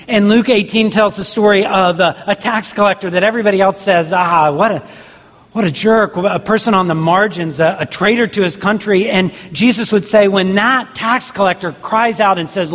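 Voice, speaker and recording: A man's voice: high-pitched, a bit bright. Earnest preaching man in a reverberant hall. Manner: earnest, repetitive preaching with rhetorical questions. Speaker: pastor. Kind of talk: sermon.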